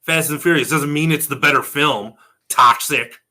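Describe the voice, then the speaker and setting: Dude co-hosting a wrestling podcast, bright sharp voice, loves a mock argument. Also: male voice, a little high, normal speed. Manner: playfully argumentative, mock-angry. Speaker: podcast co-host. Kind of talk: casual wrestling review chat.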